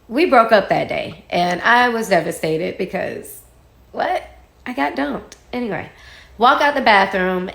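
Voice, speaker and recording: A woman's voice: fairly low pitch, creaky. Woman telling a story in a roomy space. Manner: animated, acts out quoted dialogue, laughs while telling. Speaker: guest storyteller. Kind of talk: casual personal storytelling. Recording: roomy echo.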